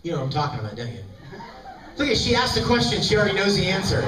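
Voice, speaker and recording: Animated male panel guest, fairly high voice, stories for a laughing crowd; far-off roomy fan recording. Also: very fast, very noisy. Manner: animated, jokey, acts out quotes. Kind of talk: storytelling to a live audience. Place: large convention hall. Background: audience laughter and hall ambience.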